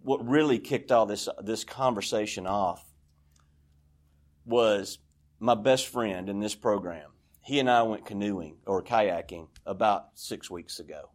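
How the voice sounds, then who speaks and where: Candid man sharing at a recovery meeting. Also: fairly low pitch. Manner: candid, confessional, rambling. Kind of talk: personal share at a recovery meeting. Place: church meeting room.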